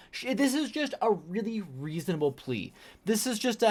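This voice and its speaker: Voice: mid-range voice, big pitch swings, normal speed, darkish tone. A commentator reacting to read-out messages, exasperated and incredulous, with frequent ums and restarts. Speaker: online commentator.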